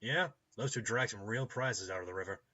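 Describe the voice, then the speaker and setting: A man's voice: lowish voice, brisk, bright, forceful tone, dull audio, voice pushed up. A man voicing a brusque, suspicious male gatekeeper on an intercom, with an American accent. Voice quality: brusque, curt.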